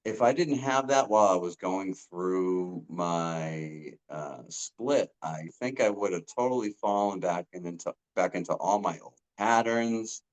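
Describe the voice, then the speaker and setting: A man giving a casual testimonial as a coaching client, earnest and halting, with frequent ums and restarts. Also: deep voice, rough recording.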